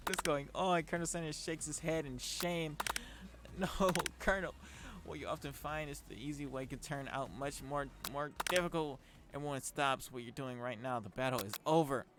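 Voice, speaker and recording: A man's voice: on the high side, steady tone, normal speed, very noisy. A man streaming a dating-sim game, reading the text aloud and reacting with laughter and lots of fillers. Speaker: gaming streamer.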